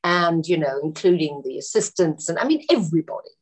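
A woman's voice: low-pitched, a little fast, breathy edge. A middle-aged actress chatting as a guest, telling an anecdote casually and acting out the voices of people she quotes. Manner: animated, acts out quoted voices, many fillers. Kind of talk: casual storytelling chat.

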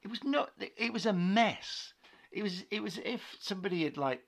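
A man's voice: sits high, lively intonation, normal speed, fairly bright tone. A man co-hosting a podcast in casual chat, sarcastic and playful. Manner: sarcastic, playful, acts out mock dialogue. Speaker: podcast co-host.

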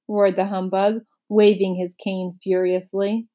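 A woman reading a children's novel aloud, in a steady, clear storytelling manner. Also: medium pitch, measured pace. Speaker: storybook reader.

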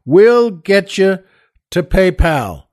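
Folksy male host with a higher voice. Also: very animated, takes it slowly, darkish tone. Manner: folksy, rambling with many fillers. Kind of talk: casual joke telling.

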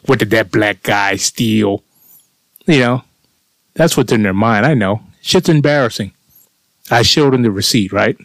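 Middle-aged man, lowish voice, dry close sound, casual profane storyteller. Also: no echo. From United States. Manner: animated, profane, indignant.

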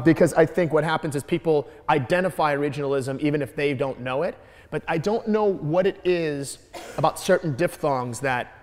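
Rambling, stammering comedian in a reverberant hall. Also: male voice, on the high side, a little mellow. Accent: American Midwest. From Detroit, Michigan. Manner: rambling, many restarts and stammered repeats. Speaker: guest comedian answering audience questions. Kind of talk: Q&A answers.

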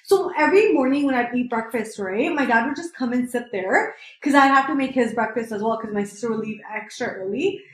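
High-voiced young woman rambling in a roomy space. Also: animated, brisk. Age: 20s. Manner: rambling, heavy use of "like" and "right?". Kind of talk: casual chat, storytelling. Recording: roomy echo.

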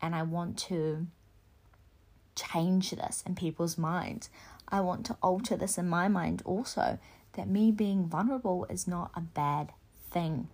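Slow, fired-up sweary young woman. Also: fairly low pitch. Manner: impassioned, blunt and sweary, rising to near-shouting. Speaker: podcast host. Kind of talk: casual solo podcast monologue.

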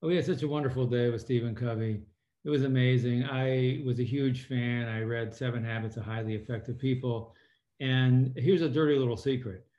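A middle-aged man, a former submarine captain and now an author, telling stories as a guest in an interview and quoting people in lively voices. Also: mid-range voice, moderate pace. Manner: animated storyteller, quotes people in lively voices. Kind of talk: conversational interview storytelling. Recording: roomy, slightly dull sound.

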